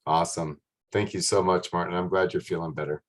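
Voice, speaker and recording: A man's voice: sits low, fairly even intonation, fairly quick, slight background noise. A man hosting a casual group video call, upbeat and encouraging, greeting people by name. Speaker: host of an online call.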